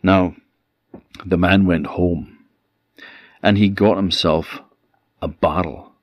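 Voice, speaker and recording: A man with an Orkney accent telling a traditional folk tale, lively and shifting his pace and loudness. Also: deep voice, takes it slowly, no echo, clean studio sound. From Orkney, Scotland. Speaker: traditional storyteller.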